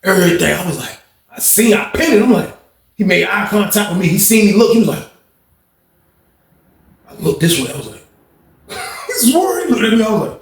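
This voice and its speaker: Animated young man telling a story. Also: high voice, fairly quick, vocal fry, pauses often. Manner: animated slangy retelling, acts out quotes. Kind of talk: casual jailhouse storytime. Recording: echoey room.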